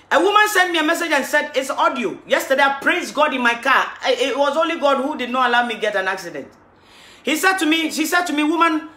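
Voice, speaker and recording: A woman preacher giving an impassioned livestreamed sermon, rising to loud exhortation. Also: high-pitched. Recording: roomy livestream audio, faint music.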